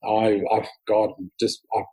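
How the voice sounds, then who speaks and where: A middle-aged man chats casually as a podcast guest. His voice is husky and his delivery is animated, full of storytelling and acted-out dialogue. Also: lowish voice, unhurried, rough recording. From Australia. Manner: animated storyteller, often laughing, acts out quotes. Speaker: guest psychic. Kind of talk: casual interview chat.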